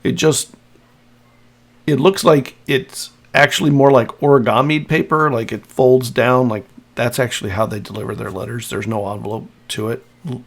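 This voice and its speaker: A man narrating as game master of a tabletop role-playing game, describing scenes with halting restarts. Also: medium pitch, fairly even intonation.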